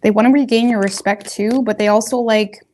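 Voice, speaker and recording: A woman's voice: on the high side, steady tone, a little fast, a little mellow, a little hiss or hum. A woman giving a casual tarot reading, talking straight to her viewers in a loose, rambling, colloquial way. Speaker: tarot reader.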